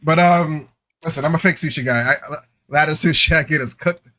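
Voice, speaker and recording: A man in his forties co-hosting a live podcast, telling stories in an animated, joking casual chat. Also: on the high side, brisk. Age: 40s. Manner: animated, joking, laughing storyteller. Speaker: podcast co-host.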